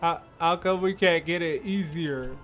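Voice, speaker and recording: A man's voice: a little high, a little slow, fairly bright tone, faint music behind. A man giving casual, rambling commentary while playing a game, laughing often and talking to himself. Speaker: gameplay streamer.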